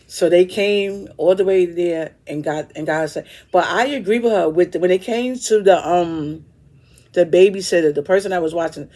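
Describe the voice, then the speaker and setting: Man, reaction host, casual commentary, opinionated, higher voice, mellow tone. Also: moderate pace. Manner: opinionated, talks it through.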